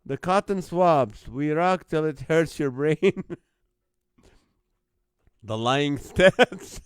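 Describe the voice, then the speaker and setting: Fairly high-pitched and smooth, a man talks at a slow pace while hosting a live call-in comedy stream from home on his phone. Laughing again and again, he reads viewer comments with joke band names in casual chat; the sound is clean studio quality with no echo.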